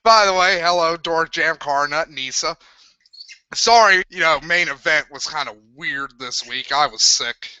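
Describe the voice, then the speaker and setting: A young man hosting a live wrestling review, swearing constantly and ranting with loud, crude sarcasm. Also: fairly high pitch, unhurried, smooth, dry recording. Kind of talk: profane live review rant. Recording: dull lo-fi sound.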